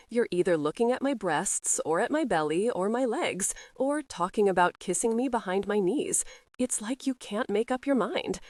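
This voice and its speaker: A woman's voice: medium pitch, darkish tone, dry recording, lightly acted. A woman voicing a spirited young wife who teases and mocks her husband in a playful, lilting way. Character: spirited teasing young wife, sharp-tongued heiress.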